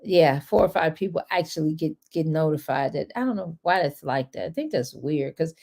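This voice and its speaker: Woman, low-pitched, gravelly, money coach, rambling live-stream chat, encouraging. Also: expressive, normal speed, a little mellow. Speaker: wealth and credit coach.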